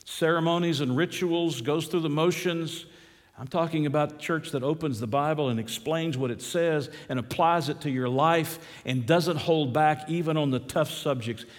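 A male pastor preaching an impassioned sermon, telling a story dramatically with big swings in pitch and loudness. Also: moderate pace, long reverb tail. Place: church.

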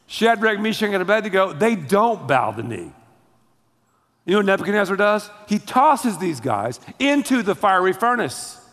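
A man preaching a sermon, telling the story in a lively, slangy way. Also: high voice, moderate pace, in a large hall. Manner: animated storytelling with slangy asides. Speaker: pastor.

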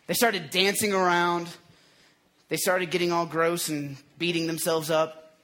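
A man's voice: a little high, fairly even intonation, takes it slowly, bright, forceful tone. A man preaching a casual, jokey sermon, retelling scripture in everyday slang.

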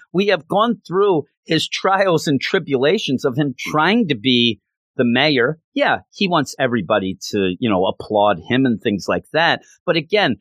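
A man's voice: fairly high pitch, a bit bright, dry recording. A man reviewing a comic book in a casual, rambling, passionate way, with lots of fillers.

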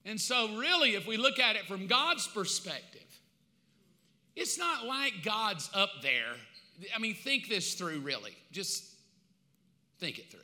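A man preaching a sermon as pastor, emphatic and conversational, swinging from loud to hushed. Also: sits high, sing-song, unhurried. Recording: long hall reverb.

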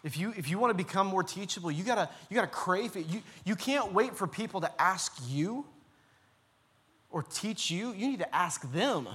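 Male pastor, fairly high voice, earnest, repetitive and urging. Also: lively intonation, normal speed, fairly bright tone, husky. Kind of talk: sermon. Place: church.

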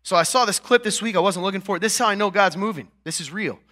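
Speaking quickly in a high voice, a man preaches as a pastor. His sermon is conversational, dotted with "right?" and "okay?" check-ins, and rises to louder, emphatic peaks.

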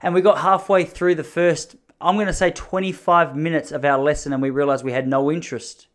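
A man's voice: on the high side, steady tone, fairly quick, a bit bright. An Australian man from Melbourne giving a rambling, self-mocking comedic monologue, blunt and sprinkled with swearing.

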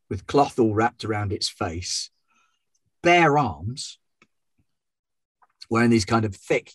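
A man running a tabletop game, describing the scene in a wry, relaxed way. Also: lowish voice, breathy edge, no echo. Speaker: game master.

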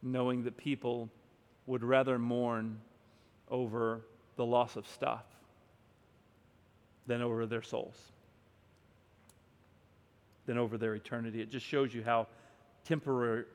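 A man preaching a sermon and reading scripture aloud, moving between hushed stretches and loud, emphatic ones. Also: mid-range voice. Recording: long hall reverb.

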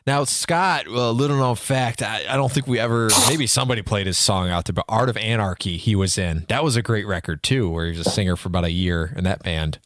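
A man hosting a casual interview, often chiming in with quick agreement. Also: on the low side, fairly bright tone, a little hiss or hum. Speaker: show host. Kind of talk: casual chat.

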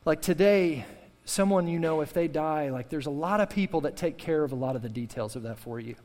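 A man's voice: fairly high pitch, animated, brisk, darkish tone, in a large hall. A male pastor preaching a sermon with fervor, repeating key phrases and calling on the congregation to respond. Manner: impassioned preaching with repetition and call-and-response.

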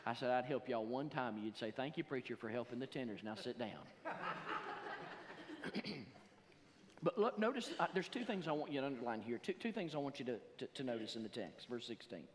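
A man preaching a sermon in a church, reading scripture slowly and building to loud emphatic passages. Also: mid-range voice, animated, big-room sound, background noise. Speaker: pastor. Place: church sanctuary.

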